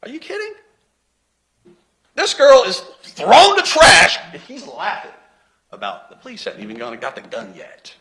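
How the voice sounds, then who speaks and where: A man's voice: sits high, huge pitch swings, moderate pace, background noise. A man giving a courtroom closing argument to a jury as a prosecutor, emphatic and sarcastic, firing off rhetorical questions.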